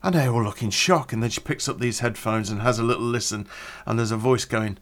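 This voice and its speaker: A man's voice: medium pitch, brisk, fairly bright tone. Man, podcast host, casual rambling chat, laughs at his own gags. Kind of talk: casual storytelling podcast intro.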